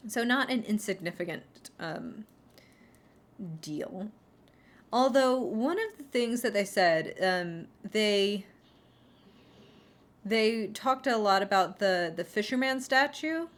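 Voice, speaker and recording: A woman's voice: medium pitch, expressive, takes it slowly, long pauses. A woman chatting casually on her livestream in a rambling, sarcastic way, heavy on fillers and restarts. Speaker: streamer.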